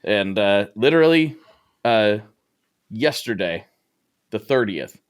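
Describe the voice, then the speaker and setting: A man's voice: lowish voice, animated, takes it slowly, clear, resonant tone. A middle-aged man hosting a podcast, telling his story reflectively and acting out his own past thoughts. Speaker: podcast host. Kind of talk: casual interview chat.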